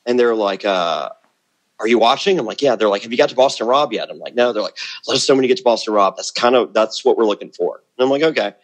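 A middle-aged man, a guest in a casual interview, telling brash, rambling stories full of restarts and quick asides. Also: medium pitch. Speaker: guest, former reality show contestant.

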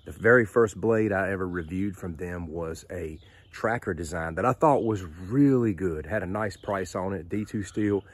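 A man with a Southern drawl talks in a relaxed, folksy way, speaking straight to his viewers. His voice sits a little low. He chats like he's sharing with friends. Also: moderate pace, hardly any pauses. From Southern United States. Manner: folksy and chatty, addresses viewers directly. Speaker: knife reviewer. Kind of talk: casual product review vlog.

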